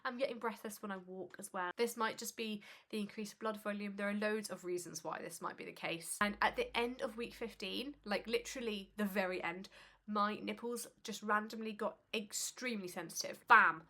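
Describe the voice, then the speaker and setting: Bright-voiced woman, slightly breathless. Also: mid-range voice, steady tone, normal speed. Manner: chatty, conversational with frequent fillers. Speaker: pregnancy vlogger. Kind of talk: casual informative vlog.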